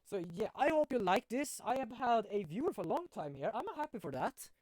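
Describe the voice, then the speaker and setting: A male game streamer chatting casually and rambling a little as he thanks his viewers. His voice swings lively up and down, and the sound is dry and close. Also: high-pitched, brisk, dry recording. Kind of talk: casual live-stream chat.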